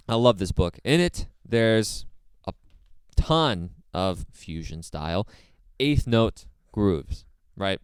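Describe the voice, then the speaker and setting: A man giving a casual drum lesson in a relaxed way, with plenty of fillers and repeated phrases. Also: lowish voice, clear, resonant tone, no echo. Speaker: drum teacher. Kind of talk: casual instructional talk.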